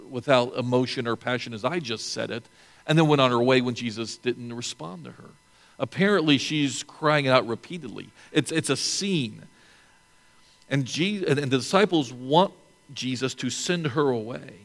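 A male pastor delivers a sermon in a relaxed, conversational manner, often restarting phrases and adding asides. His voice sits in an ordinary middle register. The sound carries a long reverb, as in a church sanctuary. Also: medium pitch, normal speed.

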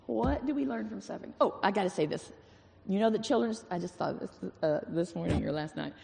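A woman's voice: medium pitch, expressive, a little fast, gravelly, mellow, long reverb tail. A woman giving an informal, earnest sermon in a folksy way, repeating phrases for emphasis. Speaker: church speaker.

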